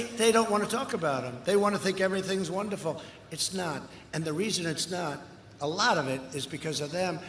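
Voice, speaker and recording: An older man giving a campaign rally speech outdoors, boastful and rambling, with punchy repetitions, heard through a loudspeaker. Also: high voice. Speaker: political candidate. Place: outdoor rally before a large crowd. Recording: echoey outdoor PA with crowd noise.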